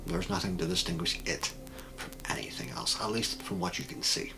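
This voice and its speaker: A man running a tabletop role-playing game as game master, narrating scenes in a measured, descriptive way. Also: sits low, animated, vocal fry, noisy background.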